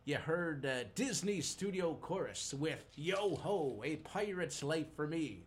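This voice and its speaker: A man's voice: fairly high pitch, expressive, slow. A man hosting a live community radio show, chatting casually and joking in playful pirate lingo from a station studio. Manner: jokey, chuckles at his own puns, slips into pirate lingo.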